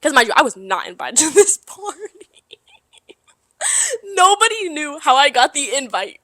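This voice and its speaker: A young woman co-hosting a casual podcast, telling a story in an animated way with lots of swearing and laughter. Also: high voice, moderate pace, dry recording. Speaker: podcast co-host. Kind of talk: casual chat.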